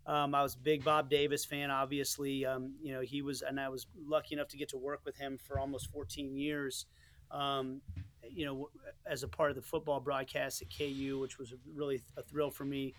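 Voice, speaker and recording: A man's voice: mid-range voice, little pitch movement, normal speed, fairly bright tone, slight background noise. A middle-aged man, a soccer commentator from the United States, telling stories in a casual interview, earnest and rambling with many restarts and asides. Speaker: soccer play-by-play commentator, guest.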